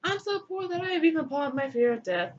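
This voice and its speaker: A woman's voice: sits high, big pitch swings, brisk, dull audio, a little hiss or hum, voice pushed up. A woman voicing a cheerful, eager poor young woman in a comic myth retelling. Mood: chirpy. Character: chirpy destitute young woman.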